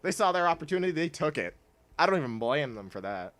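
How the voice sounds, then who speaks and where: A man's voice: on the high side, very animated, fast talker, a bit bright. A young man chatting casually while streaming a video game, rambling with lots of fillers and laughing often. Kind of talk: casual gameplay stream chat.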